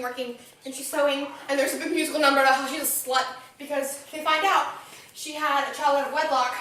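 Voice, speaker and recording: A woman giving a casual, animated plot recap and acting out the characters' lines. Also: high-pitched, a little hiss or hum. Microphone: phone. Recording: echoey room, far from phone mic.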